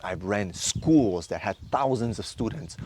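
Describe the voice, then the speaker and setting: Against a noisy background, a man in his thirties lectures with expressive intensity in a fairly low voice. As a men's course instructor, he hammers his audience with rapid rhetorical questions to motivate them.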